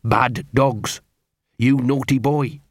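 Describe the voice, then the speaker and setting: A man's voice: mid-range voice, fairly even intonation, takes it slowly, no room sound, studio quality. A man voicing a small scruffy male street dog who talks in an anxious, miserable, whiny way. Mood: fretful.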